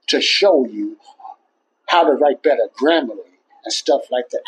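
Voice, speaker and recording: A man with a husky, slightly rough voice speaks in a loose, conversational way about faith. He rambles and circles back to repeat his points, earnest and plainspoken rather than polished, pitched at a middling level for a man. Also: low-quality recording. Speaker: Christian podcast host. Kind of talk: casual faith talk to listeners.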